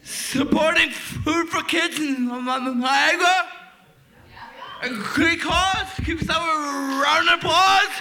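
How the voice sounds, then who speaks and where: Comedy host, male, very high bright voice, heavy stutter, slow delivery. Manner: shouts to hype the crowd. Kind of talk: stand-up comedy. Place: comedy venue.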